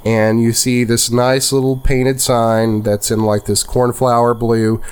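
A man's voice: mid-range voice, little pitch movement, measured pace, darkish tone, clear, resonant tone. A man running a tabletop game, describing scenes in a rambling way full of fillers. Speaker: game master.

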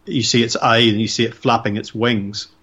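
A man hosting an interview, speaking in a measured, articulate way. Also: mid-range voice, fairly even intonation, fairly bright tone, slightly rough, highs cut off. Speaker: podcast host. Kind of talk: interview questions and reflections.

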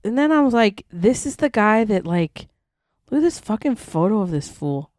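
Blunt, foul-mouthed woman with lively pitch. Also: normal speed, dry recording, studio quality. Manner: blunt, profane, mocking. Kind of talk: casual chat.

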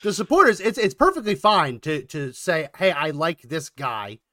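A man co-hosting a political commentary podcast, talking in a quick, animated way and getting worked up. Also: fairly high pitch, dry recording, clean studio sound. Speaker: podcast co-host.

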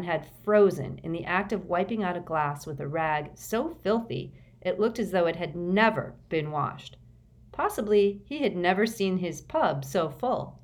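Female audiobook narrator, deep-toned, measured delivery. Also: lively intonation.

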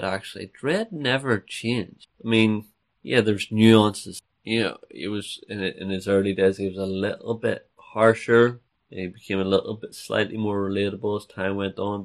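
Man, podcast host, solo monologue, chatty, jokey, low, gravelly voice. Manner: chatty, self-interrupting, jokey.

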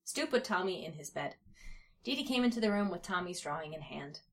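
A woman's voice: lowish voice, lively intonation, fairly quick, fairly bright tone. A young woman podcast host who reads fan fiction aloud and breaks off with sarcastic, laughing asides. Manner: sarcastic, laughing, casual swearing.

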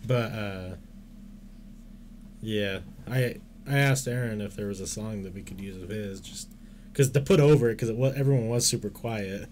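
A young man chatting casually as a podcast co-host, easygoing and agreeable, quick to laugh. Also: lowish voice, darkish tone. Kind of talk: casual chat. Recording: faint background noise.

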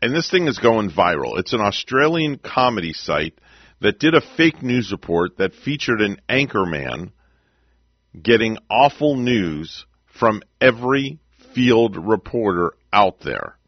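Chatty low-voiced radio host man. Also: big pitch swings, a little slow, no echo, highs cut off. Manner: chatty, rambling, laughs along with clips. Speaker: radio morning show host. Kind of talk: casual radio talk.

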